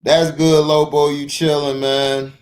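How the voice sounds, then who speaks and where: A man hosting a casual sports livestream, breaking into loud shout-outs to his chat viewers. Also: fairly high pitch, little pitch movement, slow pace. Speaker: sports talk livestream host.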